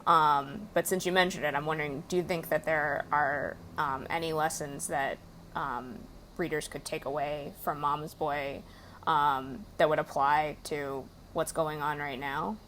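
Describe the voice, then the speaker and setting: A woman's voice: sits low, steady tone, measured pace, a bit bright, slight background noise. A woman book editor interviewing an author over a video call, friendly and hesitant with fillers.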